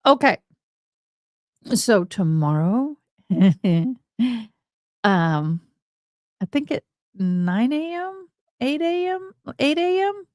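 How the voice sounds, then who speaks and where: A chatty Texan woman runs a casual livestream, her voice sitting a little high. She sounds bubbly and friendly, saying y'all a lot. The recording is dry and close. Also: big pitch swings, drawn-out words, long pauses, darkish tone, no room sound. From Tennessee, USA. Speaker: livestream host.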